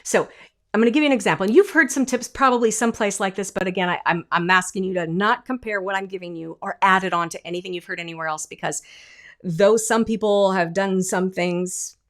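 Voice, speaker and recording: A woman vocal coach teaching an online singing lesson, demonstrating sounds and acting out little voices. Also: a little fast. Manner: animated, demonstrates sounds and sung notes; acts out imagined voices with leaps in pitch.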